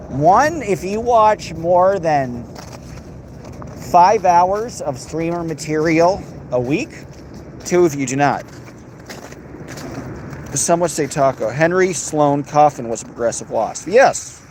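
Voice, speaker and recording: A man's voice: on the high side, lively intonation, takes it slowly, pauses often, a little mellow, slight background noise. An American man hosting a livestream, reading and answering chat in a crude, sarcastic, rambling way. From United States.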